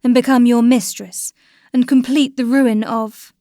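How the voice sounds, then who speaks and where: A woman's voice: a little high, steady tone, normal speed, no room sound, studio quality, close to an everyday voice. A woman reading the lines of a proud aristocratic young wife, with raised, bitter irony. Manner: bitter frivolous irony, louder than the narration.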